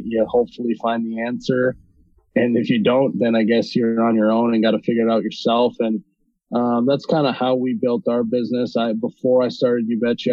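Man from North Dakota, podcast guest, monotone and halting, dry lo-fi sound. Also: medium pitch, no room sound. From North Dakota, USA. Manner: hesitant, many ums and restarts. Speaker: podcast guest, video creator. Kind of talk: casual interview conversation.

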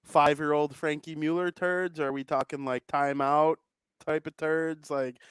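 A man's voice: a little high, steady tone, a little slow, fairly bright tone, clean tone, no echo. A young adult man co-hosting a casual podcast chat, enthusiastic and jokey. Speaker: podcast co-host.

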